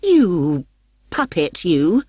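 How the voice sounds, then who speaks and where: A woman's voice: medium pitch, animated, moderate pace, husky, dry recording. A woman voicing a tall, timid young woman who protests in a plaintive, screeching way. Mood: aggrieved.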